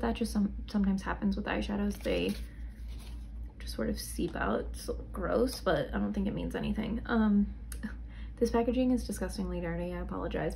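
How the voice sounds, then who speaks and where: A woman's voice: a little high, vocal fry, warm tone, a little hiss or hum. A young woman casually reviewing products, chatty and rambling, sounding tired. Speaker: beauty vlogger.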